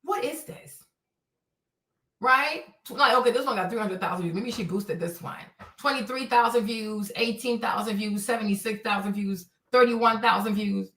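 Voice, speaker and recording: A woman's voice: fairly high pitch, moderate pace, fairly bright tone, far from the mic. A woman hosting a livestream, ranting casually with heavy profanity and exasperation. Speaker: streamer host. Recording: echoey room, voice a bit off-mic.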